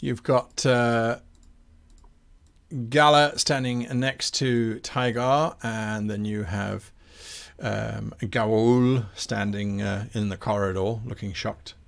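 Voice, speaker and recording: A man's voice: fairly low pitch, steady tone, slow, creaky. Man narrating as game master.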